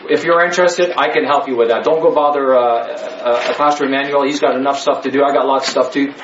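A man's voice: mid-range voice, steady tone, quick pace, noisy background. A man teaching a Bible study class, emphatic and joking, full of rhetorical questions. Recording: echoey, slightly dull room.

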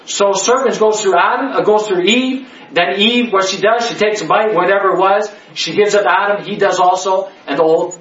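A man's voice: high voice, brisk, few pauses, fairly bright tone. A man leading a Bible study for a small group, talking emphatically, repeating key words and checking in with "okay?" all the time. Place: indoor room with a listening group. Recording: echoey room, mic far off, dull lo-fi.

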